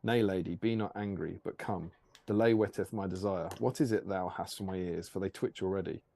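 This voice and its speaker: A man's voice: low-pitched, a little fast, creaky, mellow. A man reading as a harsh cruel cat lord. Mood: wheedling. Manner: harsh, snarling. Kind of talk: storybook reading.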